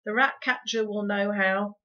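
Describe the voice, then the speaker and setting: A woman voicing a cruel, scolding middle-aged housekeeper who spits out loud insults. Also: mid-range voice, steady tone, measured pace. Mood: menacing. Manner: harsh, loud, spitting insults. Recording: dull lo-fi recording.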